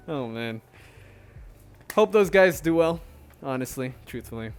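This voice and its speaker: A man's voice: medium pitch, animated, measured pace, darkish tone, smooth. A man hosting a solo podcast, chatting casually in a rambling way with lots of fillers. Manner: rambling, many fillers and restarts, laughs often. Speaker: podcast host.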